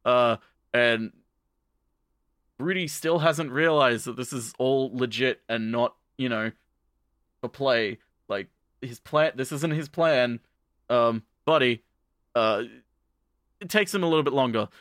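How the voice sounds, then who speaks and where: A man co-hosting a podcast, casually recapping with rambling, profane asides and quick acted-out lines. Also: mid-range voice, fairly bright tone, no echo, clean studio sound. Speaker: podcast co-host.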